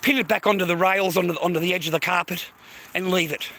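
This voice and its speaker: A man's voice: high-pitched, fairly even intonation, quick pace, pushed and bright. A middle-aged man giving coarse, swearing, emphatic advice to other men in a blunt monologue.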